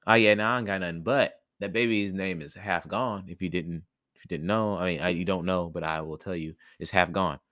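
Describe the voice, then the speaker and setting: A man's voice: deep voice, steady tone, fairly quick, fairly bright tone, no echo, studio quality. A man voicing a laid-back, greedy male cat who lies, in slangy, offhand talk. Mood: casual.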